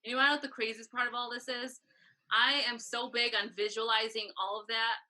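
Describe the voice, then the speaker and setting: A woman guest on an interview podcast, chatty and animated, telling a long story and acting out the other people's lines. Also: on the high side, moderate pace, poor audio. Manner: chatty, animated, acts out quoted dialogue. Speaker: guest, tour photographer.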